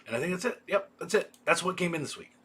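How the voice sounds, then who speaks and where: A man's voice: fairly high pitch, expressive, fast talker, sharp tone, slight background noise. A man hosting a casual livestream, reading off a list of titles with offhand asides. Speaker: video store host. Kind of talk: casual livestream product rundown.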